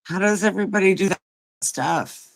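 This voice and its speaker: A woman's voice: medium pitch, normal speed, gravelly. A woman hosting a casual livestream who has just woken up, chatting and rambling, greeting viewers by name. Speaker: livestream host.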